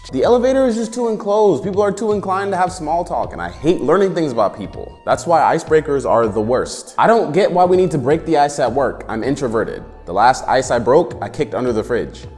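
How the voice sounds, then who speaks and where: A man's voice: on the high side, very animated, brisk, hardly any pauses, a little mellow, big-room sound, faint music behind. A man in his twenties doing a sarcastic, slangy comedic rant as the show's host. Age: 20s.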